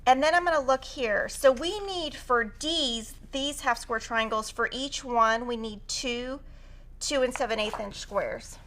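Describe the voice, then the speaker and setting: A woman's voice: fairly high pitch, measured pace, a bit bright. A woman teaching a quilting tutorial on a live stream, chatty and upbeat as she talks through cutting fabric. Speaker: quilting instructor.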